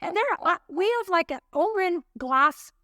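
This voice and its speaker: On a podcast she co-hosts, a woman tells a chatty story in a very high-pitched voice at a moderate pace, animatedly acting out the voices of the people involved. The sound is clean studio quality with no echo.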